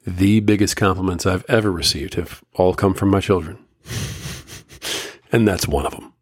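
A middle-aged man hosting a solo podcast, talking earnestly and emotionally in slow, measured phrases, firm and lecturing at times. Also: deep voice, slightly rough, no echo. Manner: firm and lecturing about fatherhood. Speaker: podcast host.

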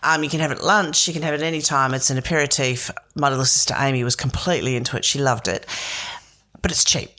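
A woman, a wine expert co-hosting a show, explaining things in an animated, knowledgeable way. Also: extremely low pitch, fast. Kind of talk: casual chat.

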